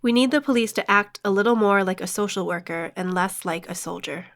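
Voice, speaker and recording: Gravelly woman, firm and matter-of-fact. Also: medium pitch, fairly even intonation, a little fast, a bit bright. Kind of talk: recorded interview clip.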